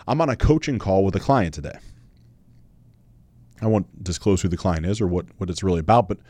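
This podcast host, a man in his thirties, tells his personal story in a fairly low voice that's a bit mellow. His delivery is earnest, candid and conversational, with repeated phrases for emphasis and occasional swearing. The recording is dry and close, with no echo or room around it.

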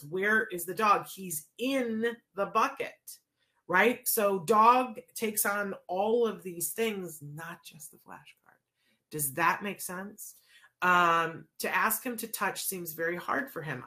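A woman's voice: on the low side, pushed and bright. A woman explaining a teaching method in a casual, chatty way, often checking in with "right?".

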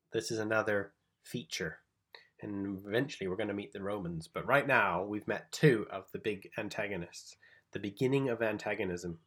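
A man's voice: lowish voice, fairly bright tone, breathy edge. A man teaching on a Gospel passage in a conversational sermon style, explaining the background, checking in with his listeners and loosely paraphrasing the text. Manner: thinks aloud with restarts, paraphrases scripture informally. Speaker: Bible teacher.

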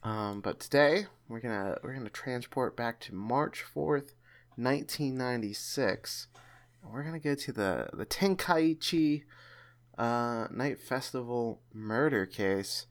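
A man's voice: mid-range voice, animated, unhurried. A man hosting a podcast, chatting casually and often restarting his sentences. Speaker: podcast host.

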